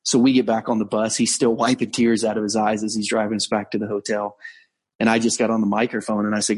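A man, a pastor, telling a story in a conversational sermon, earnest, slowing down to stress key points. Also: fairly low pitch, flat delivery, breathy edge. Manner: earnest storytelling, frequent restarts and slowed emphasis. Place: on location abroad.

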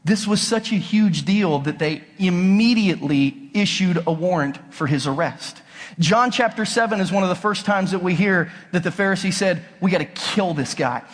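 A man preaches with a fairly high voice, talking to the congregation in a casual but emphatic way. He keeps asking rhetorical questions. His voice rings out with a long reverb, as if in a large church auditorium. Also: normal speed. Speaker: pastor. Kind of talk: sermon.

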